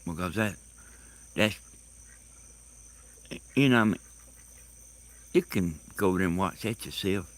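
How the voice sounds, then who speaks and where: A man telling rambling stories in a casual monologue, halting and laughing loudly at his own tales, recorded outdoors in the countryside. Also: low-pitched. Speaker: host. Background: crickets and insects.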